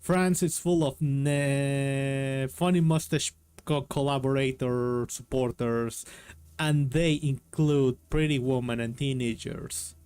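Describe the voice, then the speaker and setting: A man voicing a gruff older army sergeant with an Oklahoma accent, reading a novel aloud on stream. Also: medium pitch, steady tone, slow, darkish tone, natural voice. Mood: stern.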